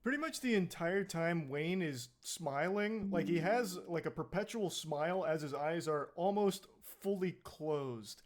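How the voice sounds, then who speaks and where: A man narrates commentary over footage. He is blunt and mocking, and he swears freely. His voice sits a little high for a man. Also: expressive, measured pace, hardly any pauses, a little hiss or hum. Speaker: video narrator.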